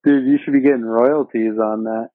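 A man hosting a podcast, relaxed and slangy, laughing along with his guest. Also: medium pitch, normal speed, no room sound. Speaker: podcast host. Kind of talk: casual chat. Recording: phone-like dry sound.

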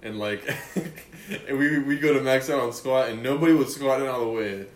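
A man's voice: mid-range voice, moderate pace. A laid-back young man in casual chat, laughing as he recalls shared stories. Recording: echoey room with crowd noise.

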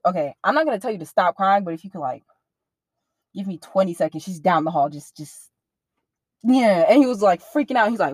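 A young woman speaking candidly in an interview, in casual slang-heavy talk that turns animated when she quotes others. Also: fairly low pitch, a little fast, no echo.

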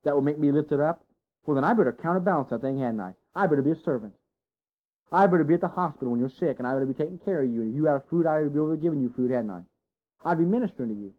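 A man preaching a sermon to his congregation, folksy and animated, full of rhetorical questions. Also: on the high side, racing. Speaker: pastor. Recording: dull lo-fi sound.

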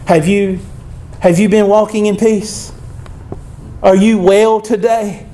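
A man with a high voice preaching a sermon. He speaks emphatically and conversationally, breaking off into asides and calling out to the people in front of him. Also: fairly even intonation, takes it slowly, long pauses, mellow. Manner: emphatic, conversational, with frequent asides and call-outs to the congregation. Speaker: pastor.

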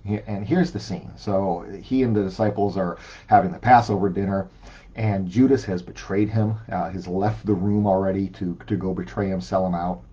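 A middle-aged man preaching an informal sermon, talking in a conversational, halting way with many fillers and restarts, and reading scripture aloud. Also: low-pitched, steady tone, mellow, slightly rough, highs cut off.

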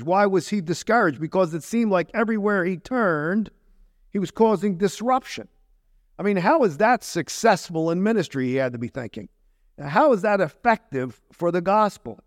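A man's voice: high voice, dry recording, studio quality. A man pastor preaching a conversational sermon, full of rhetorical questions and asides to the congregation.

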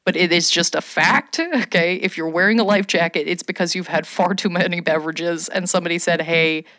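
A woman from Canada telling a funny story in casual chat, animated, swearing and shouting out quoted lines. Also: fairly low pitch, fairly quick, no room sound.

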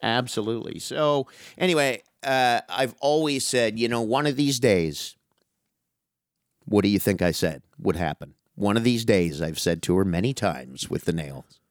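A middle-aged man telling a long, animated, profane story in casual chat with a friend. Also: lowish voice, moderate pace, dry recording, clean studio sound. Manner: animated, profane, calls listener dude.

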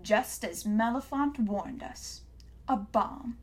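A woman's voice: on the high side, lively intonation, slow pace. A woman doing a cold, smug engineer. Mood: menacing. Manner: sharp, commanding. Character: cold, menacing male engineer, tall and smug.

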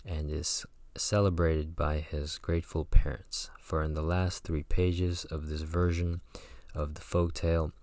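A man with a very deep voice reads a folktale aloud and stops now and then for casual, slangy commentary. The recording is close and dry, with no room sound. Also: level tone, a little slow, a little mellow, no room sound. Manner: breaks off into chatty, slangy asides. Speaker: reader and commentator. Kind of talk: reading aloud with casual asides.

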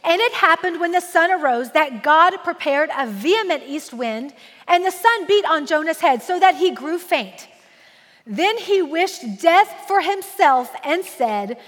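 A woman in her forties preaching a sermon, lively and joking, slowing down to read scripture aloud solemnly. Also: high-pitched, long reverb tail. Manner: animated and humorous, slow solemn scripture reading. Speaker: women's ministry speaker.

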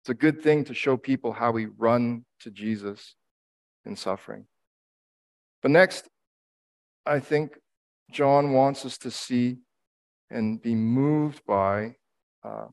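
A middle-aged man delivers a sermon, grieving and earnest. His voice sits at an ordinary pitch and moves between quiet reflection and emphatic repetition. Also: gravelly. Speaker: pastor.

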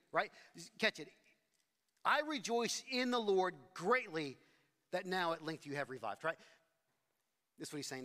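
His voice a little high and fairly bright, a middle-aged pastor delivers a sermon in a big-room acoustic. The personal story he tells is casual and self-deprecating, full of restarts.

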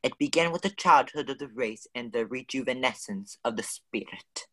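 A man's voice: mid-range voice, animated, moderate pace, bright, forceful tone. A man voicing a stuffy, lecturing husband who declaims in a pompous way, as in a radio play. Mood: earnest.

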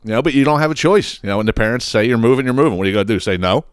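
A man on a podcast tells stories in a casual, foul-mouthed rush, laughing often and circling back with lots of "you know"s. His voice sits a bit low, and the recording is close and dry with no room sound. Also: very fast, clean tone, dry recording. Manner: profane, animated, laughs often; many fillers and restarts. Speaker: podcast host. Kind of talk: casual storytelling monologue.

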